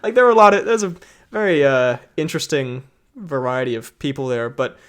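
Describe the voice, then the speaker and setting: A man's voice: medium pitch, fairly quick, smooth. A young man hosting a podcast, chatting casually and rambling with lots of fillers, on a mic that sounds a bit off. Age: young adult. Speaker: podcast host. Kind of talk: casual chat. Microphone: makeshift mic setup that sounds a bit off.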